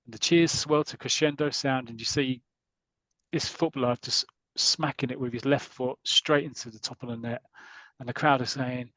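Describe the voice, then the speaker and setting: A man's voice: mid-range voice, moderate pace, sharp tone, no room sound. A man hosting a comics podcast, retelling a story in a chatty way with frequent restarts and reading passages aloud. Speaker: podcast host.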